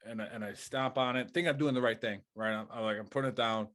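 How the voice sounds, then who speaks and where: Casting note: man, podcast co-host, casual rambling storyteller, swears, restarts often, mid pitch. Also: steady tone, quick pace, fairly bright tone. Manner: rambling, swearing, many restarts, acts out quotes.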